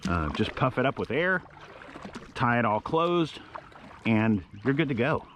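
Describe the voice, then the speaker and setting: A man's voice: mid-range voice, very animated, measured pace, a bit bright, a little hiss or hum. A middle-aged man chatting easily from a kayak on a lake, giving tips to viewers on an action camera. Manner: easygoing, chatty, jokey. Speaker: kayak vlogger. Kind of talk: casual outdoor vlog commentary.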